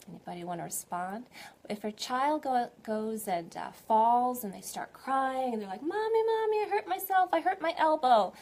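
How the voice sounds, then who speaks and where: Woman, spiritual teacher, live online talk, gentle, encouraging, mid-pitched, faint background hum. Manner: gentle, encouraging, asks viewers questions.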